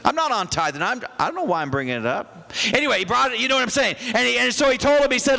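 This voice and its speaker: A middle-aged male pastor preaching a sermon, excitable, with rambling asides and bursts of shouting. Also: very high voice, rapid-fire, vocal fry, big-room sound. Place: church hall.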